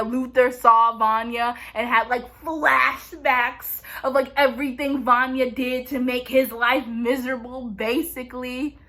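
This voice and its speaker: A woman's voice: sits high, a bit bright. A young woman vlogger recapping a TV show in a playful, chatty way, saying "like" constantly. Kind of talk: casual TV recap chat.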